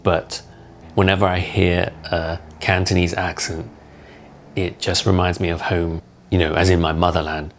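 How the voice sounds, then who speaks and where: Low, flat-voiced man. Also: normal speed, slight background noise. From England. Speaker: content creator. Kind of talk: casual monologue to camera.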